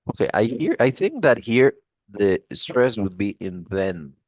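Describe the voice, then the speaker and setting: A man's voice: lowish voice, very animated, a little slow, a little mellow, dry recording. A man tutoring a student one-on-one, patiently going over test answers with many restarts. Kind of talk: one-on-one lesson review.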